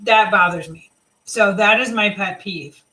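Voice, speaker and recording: A woman's voice: mid-range voice, a little slow, pushed and bright, low-quality recording. A woman leading a live team video chat, talking casually and motivationally, rambling with fillers and restarts. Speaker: team leader.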